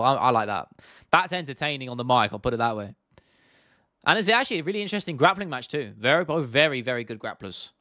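A man's voice: mid-range voice, fairly bright tone, no room sound, studio quality. Chatty man hosting a livestream. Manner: chatty, rambling, blunt, answers chat directly. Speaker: host. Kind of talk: casual livestream Q&A.

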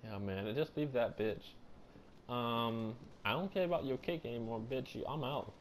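A man giving jumpy, profane let's play commentary, breaking into loud frightened outbursts. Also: mid-range voice, normal speed, a little hiss or hum. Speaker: gamer.

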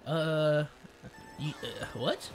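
A young man streaming a kart racing game, chatting in slang, joking, reading chat aloud and yelling at the game. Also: fairly high pitch, very slow. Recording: faint game music behind.

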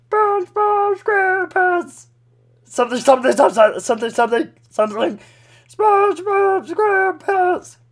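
A man doing a gravelly, high goofy T-rex. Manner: rowdy, shouts and makes mouth noises. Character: goofy male T-rex puppet, brash and silly. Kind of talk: improvised video chat puppet comedy.

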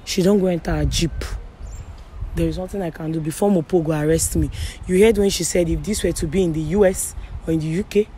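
A woman's voice: on the low side, fast talker, dark tone, a little hiss or hum. A woman with a Nigerian accent hosting a street prank interview, pleading with her guests and talking to viewers. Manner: pleading, soothing, addresses viewers. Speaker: host.

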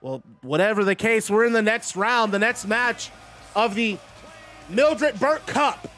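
A man narrating a simulated wrestling show as commentator, excitable and rambling. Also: high voice, a little slow, soft background music.

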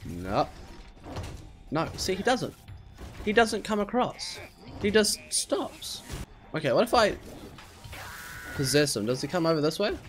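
A man hosting a let's play, talking to himself and his viewers, puzzled and exasperated, with high squeals when surprised. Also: sing-song, unhurried, pauses often, a bit bright, faint music behind. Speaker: gaming channel host.

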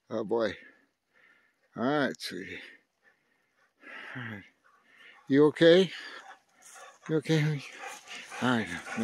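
A man's voice: medium pitch, expressive, unhurried, vocal fry, long pauses, breathy edge, dry recording. An older man talking casually to his dog, coaxing and teasing it with mild curses. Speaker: dog owner playing with his pet.

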